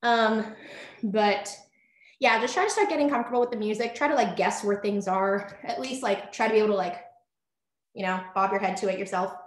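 A woman's voice: mid-range voice, fairly quick. A young woman teaching a virtual dance workshop in a chatty, upbeat way over a video call, out of breath and full of fillers. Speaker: dance instructor. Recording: echoey room.

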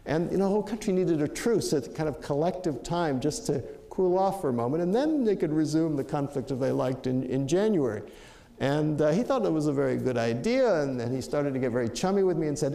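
An older man speaks in a storytelling lecture, his voice gravelly and mellow. He muses and restarts his sentences as he recounts events and draws a lesson from them. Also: a little high, expressive, a little fast, echoey room. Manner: anecdotal, reflective, with many fillers and restarts. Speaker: speaker giving a talk.

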